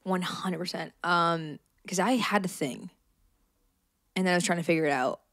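A woman's voice: fairly low pitch, normal speed, a bit bright, no room sound, clean studio sound. A woman co-hosting a podcast in casual chat, playful and teasing, with lots of fillers. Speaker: podcast co-host.

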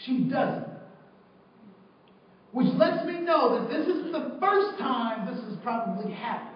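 High-voiced man telling a story, echoey room. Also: slow pace. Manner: animated storyteller, acts out the dialogue. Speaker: trainer. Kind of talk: storytelling talk to a group. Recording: echoey, distant, dull sound.

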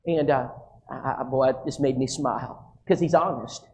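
A man's voice: medium pitch, moderate pace, a little mellow, slight background noise. A male preacher giving a sermon, telling a folksy anecdote and acting out the dialogue. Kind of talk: sermon storytelling.

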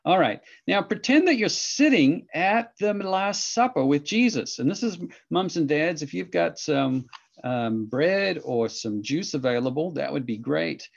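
A man's voice: a little high, lively intonation, measured pace, vocal fry, lo-fi sound. A man leading an online children's church lesson with enthusiastic, coaxing talk. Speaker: children's ministry teacher.

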